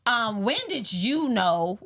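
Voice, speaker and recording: A woman's voice: mid-range voice, animated, takes it slowly, a bit bright. A woman hosting a podcast in a casual, chatty way, laughing easily and asking probing questions. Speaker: podcast host. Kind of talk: casual conversational interview.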